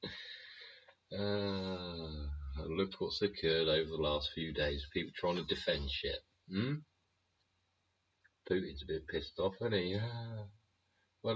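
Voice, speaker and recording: Husky, deep-voiced man ranting. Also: unhurried. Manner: sweary, rambling, constant tag questions, chuckling. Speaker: show host. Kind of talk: casual ranting monologue. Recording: dull lo-fi recording.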